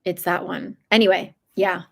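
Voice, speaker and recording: A woman's voice: on the low side, flat delivery, normal speed, vocal fry. A young woman hosting a book channel livestream from her room, chatting casually and meandering with lots of fillers.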